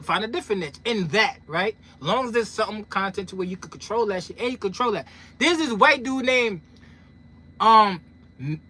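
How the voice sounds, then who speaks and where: A man from New York with a high-pitched, sharp voice makes trucking content and speaks straight to his viewers in a casual monologue. He's emphatic, full of street slang, and repeats lines for punch.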